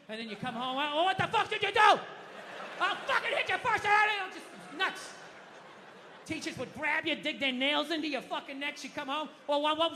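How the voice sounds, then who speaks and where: A man doing a stand-up comedy set, ranting loudly with heavy swearing and shouted impressions. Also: extremely high pitch, long reverb tail, a little hiss or hum. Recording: live club with audience laughter. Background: crowd laughing.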